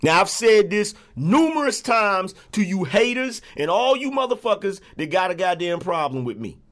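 A man's voice: high voice, sing-song, moderate pace, a bit bright. A man hosting a livestream, ranting at viewers in a profane, repetitive, confrontational way. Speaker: livestream host. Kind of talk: angry livestream rant.

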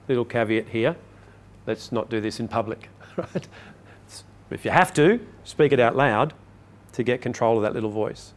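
An older man, a public speaking coach, giving a chatty motivational talk to a live audience and asking it questions. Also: mid-range voice.

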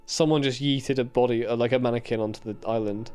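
A man's voice: medium pitch, steady tone, fast, a little mellow, faint music behind. A young English man co-hosting a podcast, rambling and restarting as he talks about a show. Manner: rambling, lots of fillers and restarts. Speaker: podcast co-host. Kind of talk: casual chat while watching a show.

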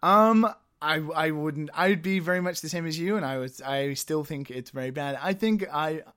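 A man from England hosts a relaxed podcast conversation, his voice sitting a little high for a man. He talks in a chatty, self-deprecating way and laughs often. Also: moderate pace. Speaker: podcast host. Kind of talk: casual podcast chat.

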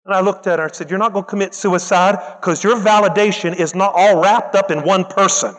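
A man preaching a lively sermon, acting out the people he quotes and breaking into loud bursts. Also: sits high, brisk, hardly any pauses. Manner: animated, acts out quoted voices, loud bursts. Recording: long hall reverb.

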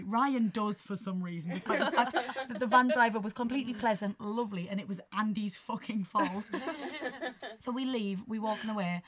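Young woman, casual podcast storytelling, lively, sweary. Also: mid-range voice, moderate pace. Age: young adult. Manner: animated, swearing, laughing storyteller. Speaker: podcast co-host.

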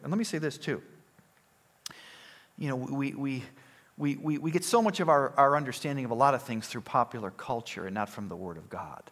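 A man's voice: medium pitch, fairly bright tone. A man preaching a sermon in an emphatic, conversational way, often restarting phrases.

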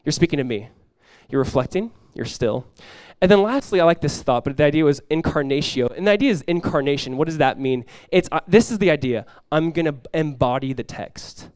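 A male pastor preaching in a conversational sermon style, dropping to a hushed voice when acting out prayers. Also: on the high side, animated, a little fast, few pauses, clean tone, no room sound, clean studio sound.

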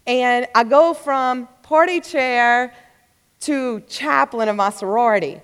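A woman in her thirties giving a personal testimony, telling her story in an animated way and acting out her own past thoughts. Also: a little high, slow, smooth. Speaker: speaker sharing her testimony. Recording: long hall reverb.

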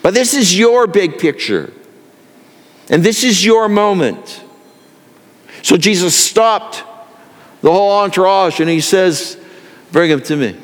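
A man's voice: sits high, slow, pauses often, in a large hall. A male pastor delivering an earnest sermon that builds in intensity.

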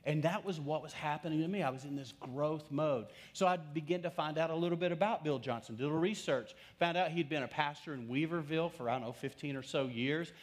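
A man in his fifties, a pastor preaching a sermon and telling a personal story in an animated, conversational way. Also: fairly high pitch, quick pace, hardly any pauses.

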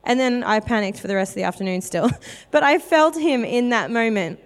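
A woman's voice: fairly high pitch, animated, fairly quick. Chatty woman preaching in a reverberant hall. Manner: candid and chatty, many fillers. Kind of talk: personal testimony sermon.

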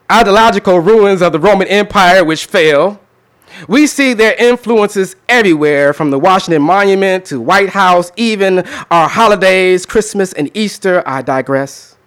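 A man in a slightly higher register than most, riffing casually with a crowd before sliding into a spoken word poem. His delivery is rhythmic and emphatic, with pointed pauses between lines. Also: fairly bright tone, clear, resonant tone. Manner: conversational with laughter, then rhythmic performed delivery. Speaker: poet. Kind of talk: spoken word poetry reading.

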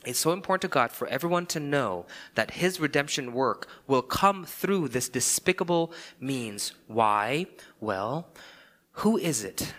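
A man's voice: mid-range voice, lively intonation, unhurried, fairly bright tone. A man preaching a sermon, speaking emphatically and asking many rhetorical questions. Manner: emphatic, rhetorical questions, frequent "okay" and "right". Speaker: pastor.

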